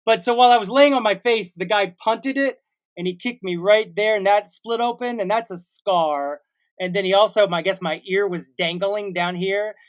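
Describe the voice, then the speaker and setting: On a casual comedy podcast, a forties-aged co-host works through a rambling tale full of made-up sound effects. He speaks at a moderate pace in a high voice.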